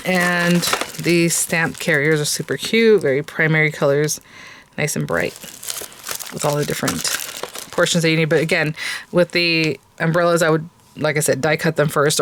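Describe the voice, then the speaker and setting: A woman's voice: sits low, background noise. A woman hosting a craft video, chatting casually and enthusiastically while she unboxes kits, with many fillers and restarts. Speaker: craft channel host. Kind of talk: casual product unboxing chat.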